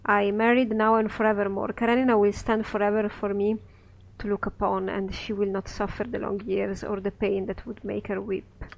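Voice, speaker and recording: A cold, sorrowful ancient wizard, read aloud by a man in his own voice, speaking in solemn, measured verse. The voice sits fairly high. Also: gravelly, rough recording. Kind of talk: reading a scripted play aloud.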